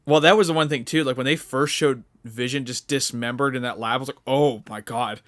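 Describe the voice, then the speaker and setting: A young man in a casual podcast chat, his voice sitting at an ordinary middle pitch. He rambles, circles back, and fills the gaps with likes and uhs as he works his way through a retelling. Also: fairly even intonation, fast, fairly bright tone. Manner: rambling, many fillers and restarts. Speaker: podcast co-host.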